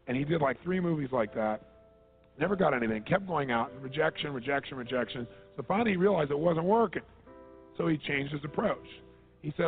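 A man, a motivational speaker, telling stories in an animated way and acting out the quotes. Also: a little high, fast talker, gravelly. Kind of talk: storytelling talk. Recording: tinny phone-like line with faint music.

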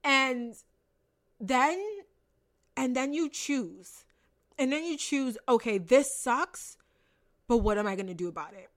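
Earnest motivational woman, animated delivery. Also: sits high, unhurried, long pauses. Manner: earnest, animated, repeats phrases for emphasis; casual, swears now and then. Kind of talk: motivational monologue.

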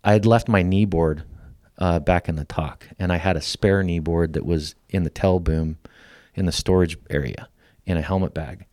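A middle-aged man, a podcast guest, telling a personal story in a lively way and acting out the lines of the people in it. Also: low voice, moderate pace, few pauses, no room sound, studio quality. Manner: lively storyteller who acts out quoted lines. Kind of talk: storytelling in casual conversation.

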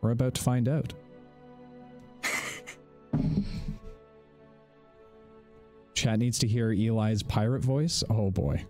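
A man hosting and narrating a live tabletop game as game master, relaxed and chatty, often laughing. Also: medium pitch, takes it slowly, faint music behind. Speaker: game master and show host.

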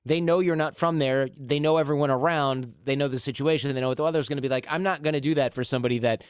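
A man who grew up in Michigan talks as a podcast guest, rattling off candid stories at a quick clip. His voice is smooth and clear, and he is recorded dry and close with no room sound. He acts out other people's lines with lively shifts of voice. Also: medium pitch, no room sound. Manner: candid, swears casually. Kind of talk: casual conversational storytelling.

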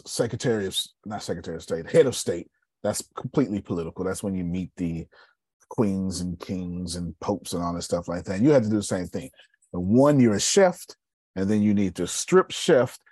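A man coaches a group in a casual, joking way and keeps asking whether they are with him. His low voice is a bit husky, and the sound is dry and close. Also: no room sound. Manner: animated, joking, asks the room for agreement. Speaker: sales coach. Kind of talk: casual seminar talk to a group.

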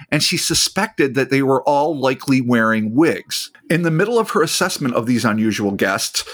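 A man hosting a podcast, mixing casual chat with reading a story aloud and swearing freely. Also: medium pitch. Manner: animated, laughing, swears freely. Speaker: podcast host.

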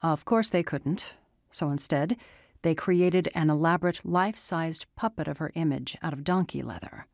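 Low-voiced woman narrating a story. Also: gravelly, dry recording. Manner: calm, measured storytelling. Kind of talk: scripted audiobook narration. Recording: dry close studio sound.

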